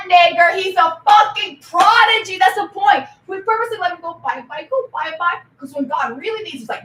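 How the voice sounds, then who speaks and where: A woman on a rambling livestream rant, swinging erratically from mutters to shouted, sing-song accusations full of swearing. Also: very high voice, animated, a little slow, far from the mic. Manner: profane and accusatory. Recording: echoey room, voice off-mic.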